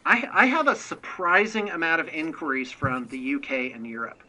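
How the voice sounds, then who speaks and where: A man's voice: on the high side, sing-song, moderate pace, bright, forceful tone, poor audio. An American man, a miniature painting business owner, chatting as a guest on a remote interview and rambling with many restarts. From United States. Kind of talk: casual interview chat.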